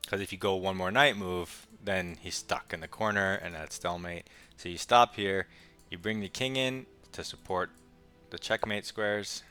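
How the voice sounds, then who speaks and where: Brief: young man, very low bright voice, casual muttered game commentary, light music behind. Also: clear, resonant tone. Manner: quick, muttering play-by-play with wry asides. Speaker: chess streamer.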